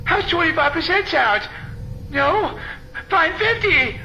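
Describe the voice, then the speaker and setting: A man's voice: very high-pitched, animated, slow, bright, forceful tone, muffled recording, slight background noise, exaggerated voice. A man voicing a jittery male crewmate who is easily frightened and stammers nervously in a cartoon. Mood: scared, bargaining. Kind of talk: cartoon voice acting.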